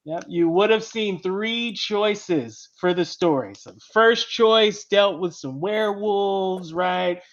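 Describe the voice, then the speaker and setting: A man's voice: high-pitched, takes it slowly, few pauses, muffled recording. A man hosting a casual panel chat about writing comics, explaining step by step and tagging "right?" onto his points. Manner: chatty, explains step by step, keeps adding "right?". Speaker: show host and comic writer.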